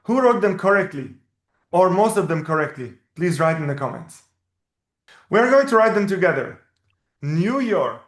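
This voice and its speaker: A man whose first language is Arabic, teaching a language lesson and patiently repeating each word slowly. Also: sits high, very animated, fairly bright tone. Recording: roomy echo.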